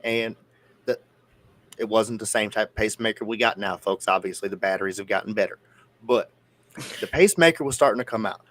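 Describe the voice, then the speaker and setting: A man's voice: on the low side, a little fast, long pauses, fairly bright tone. A man from near the Georgia-Tennessee border with a Southern accent, co-hosting a casual podcast chat with rambling, profane, jokey storytelling. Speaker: podcast co-host.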